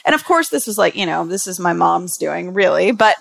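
A woman's voice: lowish voice, very animated, brisk, creaky, a bit bright. A young American woman and actor, chatting as an interview guest in a rambling way, with lots of "like" fillers. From United States. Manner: rambling, filler-heavy, full of "like". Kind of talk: casual interview chat.

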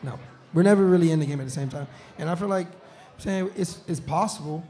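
A man's voice: a little high, brisk, dark tone. A young man, a football player on a live talk show, chatting casually and laughing often. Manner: laid-back, laughs often, says "you know what I'm saying". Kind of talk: casual chat. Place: bar or restaurant with live show.

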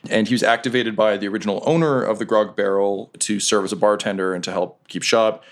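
Low-voiced man narrating as dungeon master. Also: steady tone, quick pace. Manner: casual, with many fillers. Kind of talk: narrating a tabletop game.

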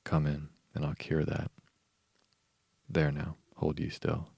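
Scolding housekeeper, read by a man; deep, flat, husky delivery. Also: slow, dry recording, full character voice. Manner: bustling, scolding. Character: stout, scolding older farmhouse woman.

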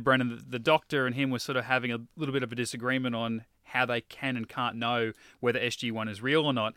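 Bright-voiced rambling podcast man. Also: medium pitch, dry recording, clean studio sound. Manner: rambling, restarts with uh and you know. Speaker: podcast co-host. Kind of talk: casual chat.

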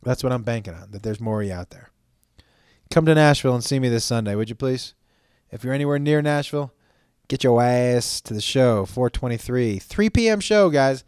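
A man's voice: mid-range voice, animated, brisk, a little mellow, clean tone, no echo, clean studio sound. A man hosting his own podcast in casual solo chat, rambling and jokey, swearing freely, with stammered restarts. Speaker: podcast host.

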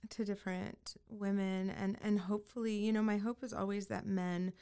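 A woman hosting a podcast, responding with affirming, reflective remarks. Her voice has a gravelly, fried texture at a middling pitch. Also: level tone, moderate pace, mellow. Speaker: podcast host. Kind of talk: supportive interview conversation.

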